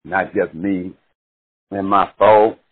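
A man preaching a sermon with passion, swinging from shouted cries to hushed murmurs and drawing out words slowly. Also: low voice, steady tone. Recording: tinny phone-like recording.

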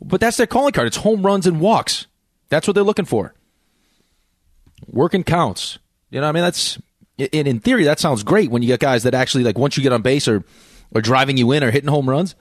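A man co-hosts sports talk radio, rattling off his points quickly with lively pitch and many restarts. The sound is close and dry. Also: no echo. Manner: rapid, restarts and stumbles, teasing.

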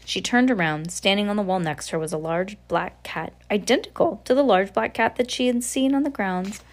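A woman reading a novel aloud in a steady voice, now and then slipping and correcting herself. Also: medium pitch, a little fast. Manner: steady reading with occasional slips and self-corrections. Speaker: audiobook reader.

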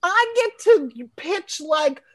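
A woman comedy writer in a loose podcast chat, swearing freely and breaking into giggles as she tells her stories. She talks at an unhurried, drawn-out pace. The voice sounds close and dry, with no room around it. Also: very high-pitched, lively intonation, dry recording. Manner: profane, giggly storyteller who laughs mid-sentence.

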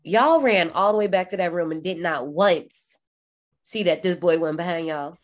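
Talking at a moderate pace, this podcast co-host recaps horror movies casually with lots of swearing and energy. She frequently leaps up in pitch when performing quoted lines.

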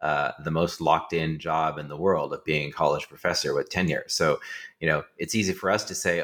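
An older man, a college professor, interviewing a guest, musing aloud with many pauses and fillers. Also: very deep voice, little pitch movement, fairly bright tone. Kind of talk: conversational interview.

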